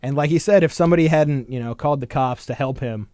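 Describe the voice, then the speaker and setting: A man's voice: mid-range voice, fast talker, darkish tone, dry recording, studio quality. A man co-hosting a podcast, chatting casually in a blunt, profane way and laughing often. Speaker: podcast co-host.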